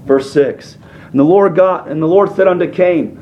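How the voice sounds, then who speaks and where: A man's voice: fairly high pitch, normal speed, mellow, roomy sound, recorded from a distance, lo-fi sound. A man preaching a sermon in a folksy, colloquial manner, throwing rhetorical questions at his congregation. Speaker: pastor.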